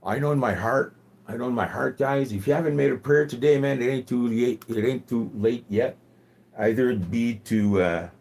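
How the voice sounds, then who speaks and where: A man's voice: fairly low pitch, a little mellow. A man in his forties with a slight Quebec French accent, chatting casually on a gaming livestream in a rambling, profane, earnest way. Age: 40s. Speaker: gaming streamer.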